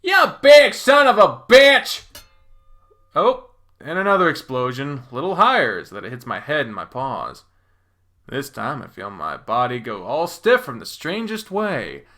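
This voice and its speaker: A man reads a visual novel aloud in the first person, and his delivery is expressive and profane. His tense, bright voice climbs and dips widely, sinking to a hush and then pushing loud. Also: mid-range voice, moderate pace. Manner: expressive, swearing, swings between hushed and loud. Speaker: reader voicing a visual novel. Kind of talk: first-person dramatic game reading.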